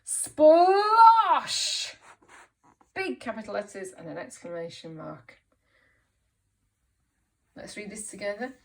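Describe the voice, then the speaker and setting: A woman teacher reading a picture book aloud to young children, slow and encouraging, asking them questions. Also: medium pitch, gravelly, recorded from a distance. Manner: slow, encouraging, asks questions and puts on voices for characters. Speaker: primary school teacher.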